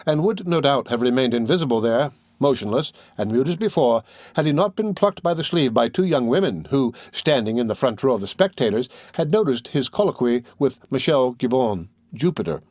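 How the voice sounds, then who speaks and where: A man's voice: mid-range voice, animated, fairly quick, a little mellow, no room sound. Man reading a classic novel aloud. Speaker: narrator. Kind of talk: scripted audiobook narration.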